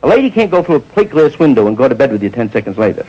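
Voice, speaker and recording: A man's voice: mid-range voice, very animated, racing, warm tone, husky, highs cut off. A man around forty doing an improvised stand-up monologue, rambling and digressive, with muttered asides. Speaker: stand-up comedian.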